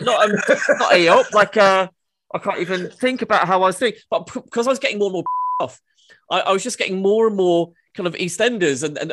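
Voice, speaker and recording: A man's voice: high voice, a bit bright. A man hosting a comedy podcast, asking questions hesitantly with many restarts. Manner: hesitant, full of restarts and "kind of". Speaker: podcast host. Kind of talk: casual podcast interview.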